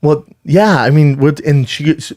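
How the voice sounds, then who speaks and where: A man co-hosting a podcast, telling a story in a relaxed, casual way, laughing, swearing and mimicking other people. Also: on the high side, a little slow, no echo, studio quality. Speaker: podcast co-host.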